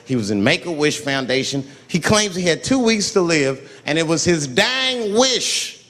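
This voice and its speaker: A middle-aged man performing a stand-up comedy routine, telling stories with lively delivery and playful character voices. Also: fairly high pitch, moderate pace. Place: large venue with live audience. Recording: live hall recording with crowd noise.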